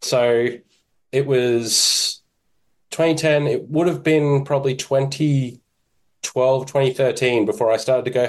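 A man, a podcast guest talking in a relaxed, self-deprecating way with halting restarts. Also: medium pitch. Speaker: podcast guest, kettlebell instructor. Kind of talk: casual interview chat.

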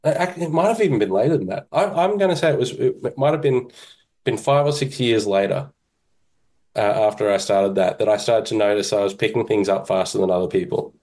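A man, a podcast guest talking in a relaxed, self-deprecating way with halting restarts. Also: fairly low pitch. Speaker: podcast guest, kettlebell instructor. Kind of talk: casual interview chat.

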